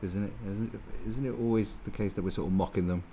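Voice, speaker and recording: A man's voice: on the low side, steady tone, fast, warm tone, a little hiss or hum. A man giving a sweary, sarcastic, rambling political rant with many restarts. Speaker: political commentator. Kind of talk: ranting monologue.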